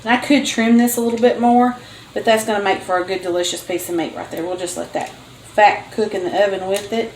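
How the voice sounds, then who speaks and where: Older woman, homey cooking chat, mid pitch, roomy kitchen sound, faint background noise. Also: steady tone, fairly quick, darkish tone. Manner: chatty, homey storyteller, laughs often. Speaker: home cooking show host. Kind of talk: casual cooking vlog chat. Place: home kitchen.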